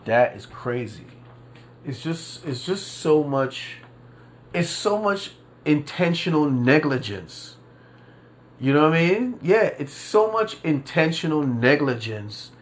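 A solo podcast host with a slightly high voice and big pitch swings rants casually in disbelief. He draws out his emphasis and is profane and rambling, full of fillers and repetition.

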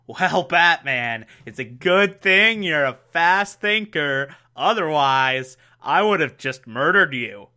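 Unbothered scrapyard worker, flatly calm, bright tone, as a man puts him on. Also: fairly high pitch, slow, few pauses, exaggerated voice. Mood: nonchalant. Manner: unreasonably calm, matter-of-fact. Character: calm, nonchalant adult male crusher operator.

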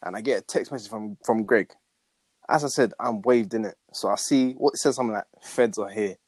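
A man's voice: on the low side, brisk, darkish tone, husky, dry recording. A young man in casual chat, recounting a story in a slangy, matter-of-fact way. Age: young adult.

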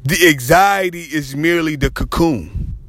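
A man preaching an impassioned sermon, repeating phrases with dramatic pauses and sometimes slipping into a half-sung cry. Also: fairly high pitch, a bit bright.

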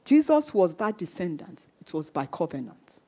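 A woman's voice: on the low side, big pitch swings, normal speed, dark tone. A woman preaching a sermon with emphatic repetition, acting out the voices of the people in her stories. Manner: emphatic, repeats phrases, acts out quoted voices.

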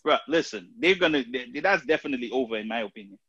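A man's voice: medium pitch, lively intonation, fast talker, fairly bright tone, husky, dry recording. A man co-hosting a casual sports talk show, hesitant with many fillers and restarts. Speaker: podcast co-host. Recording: dry, dull lo-fi sound.

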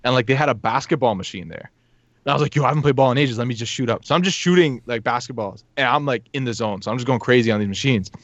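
A young man rattles through a story at a quick clip, animated and breaking into laughter, acting out the people in it. His voice is dry and close, with a slightly dull, lo-fi sound. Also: medium pitch, dry recording. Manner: animated, laughs often, acts out quotes. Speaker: podcast guest telling a story. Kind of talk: casual storytelling.

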